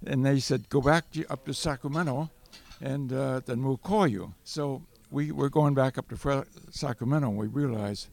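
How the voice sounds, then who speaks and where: An older man with a gravelly, creaky voice tells a long wartime story, laughing often and circling back on himself. His pitch sits in the middle range. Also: normal speed, darkish tone. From California. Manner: chuckling, rambling anecdote with restarts. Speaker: World War Two Navy veteran guest. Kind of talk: storytelling interview.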